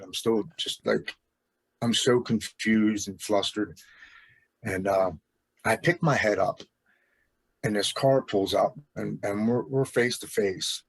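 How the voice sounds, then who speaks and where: A man's voice: fairly low pitch, slightly rough, no room sound. A man in his forties telling his own recovery story as a guest, earnest and emotional. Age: 40s.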